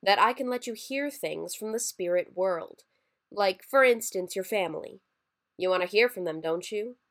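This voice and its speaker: A woman's voice: mid-range voice, moderate pace, a bit bright, close to an everyday voice. A woman voicing a scheming reptilian male Santa creature in a story reading, eager and wheedling. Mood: persuasive.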